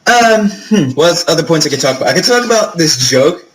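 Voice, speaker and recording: A man's voice: a little high, animated, fairly quick, fairly bright tone, slight background noise, low-quality recording. A young man from New York talking straight to camera, telling rambling, profane stories full of fillers. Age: young adult. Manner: chatty, profane storytelling with lots of fillers. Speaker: vlogger. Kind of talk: casual vlog monologue.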